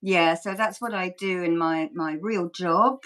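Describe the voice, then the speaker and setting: A woman's voice: fairly low pitch, unhurried, a bit bright. A woman, chatting as a guest over a video call, laughing often and poking fun at herself. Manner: laughs often, self-deprecating, rambling. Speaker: guest, ASMR creator and Reiki healer. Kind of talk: relaxed interview chat.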